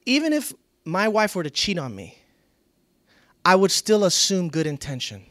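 Male pastor, high voice, dry close sound, preaches in loud bursts and quiet moments, repeats himself for emphasis. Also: sing-song, moderate pace, no echo. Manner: dynamic, swinging from loud to hushed; repeats key phrases for emphasis. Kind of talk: sermon.

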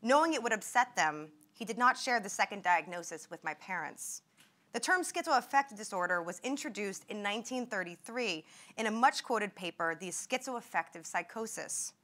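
A young woman reading aloud from her own memoir at a talk, in a measured, vivid way. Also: mid-range voice, lively intonation, bright, forceful tone. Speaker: author and former patient.

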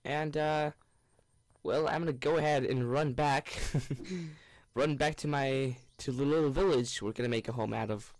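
A man's voice: medium pitch, moderate pace, darkish tone, no room sound. A young man giving goofy, rambling commentary on a game he is playing, with bursts of panicked shrieks. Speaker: gaming YouTuber. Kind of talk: let's play commentary.

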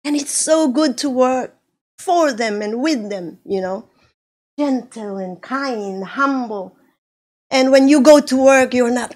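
A woman pastor from the Philippines preaching a sermon, slow and animated, acting out quotes as she goes. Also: high-pitched.

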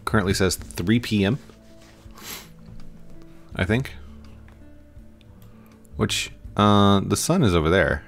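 Male gaming host, deep, casual and playful, faint music under him. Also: animated, takes it slowly, creaky, pauses often. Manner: playful, acts out little scenes and sound effects. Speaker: gaming YouTuber. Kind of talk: casual gameplay commentary.

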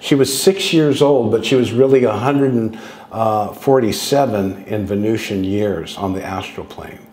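A man in his sixties talks as a guest speaker in a loose, digressive storytelling way, often breaking off and restarting his sentences. His voice sits on the lower side. The recording has a roomy, echoing sound. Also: a little slow, a little mellow, a little hiss or hum. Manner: loose and digressive, with frequent restarts and acted quotes. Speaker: guest speaker on contact experiences. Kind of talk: rambling anecdotal storytelling.

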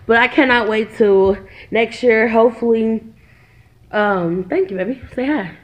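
A woman's voice: on the high side, unhurried, muffled recording. A woman in her twenties chatting casually to her viewers in a vlog, calling them "y'all" again and again. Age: 20s. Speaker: vlogger, single mother. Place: at home.

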